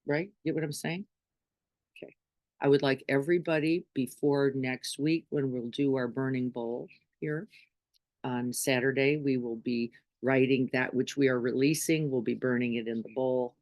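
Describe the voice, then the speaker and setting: A woman's voice: rumbling low, fairly even intonation, moderate pace, darkish tone, dry recording. A middle-aged woman giving an informal spiritual talk to a group as its teacher, in a conversational way that keeps checking in with her listeners. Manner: conversational, often checks in with "right?".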